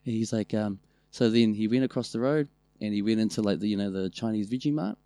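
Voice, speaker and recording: A man's voice: on the low side, fast, no echo. A man with a New Zealand accent telling funny family stories in casual chat, swearing freely. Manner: swearing, animated storytelling. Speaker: podcast co-host.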